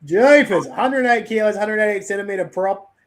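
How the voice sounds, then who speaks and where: A man's voice: high voice, moderate pace. A man co-hosting a sports podcast, joking and exclaiming. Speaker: podcast co-host. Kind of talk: casual sports podcast chat.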